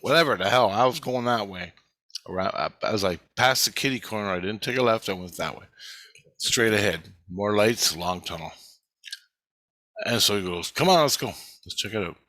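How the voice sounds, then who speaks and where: A man's voice: on the low side, expressive, normal speed, sharp tone, no room sound. A man casually telling a first-person story, swearing freely and acting out the quoted dialogue as he goes. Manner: profane, retells events with acted-out quoted dialogue.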